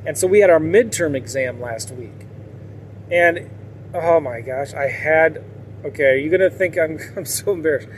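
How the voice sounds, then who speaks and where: A man's voice: fairly high pitch, normal speed, a little hiss or hum. A man talking casually and candidly to his viewers in a rambling way, with frequent laughs. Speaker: vlogger.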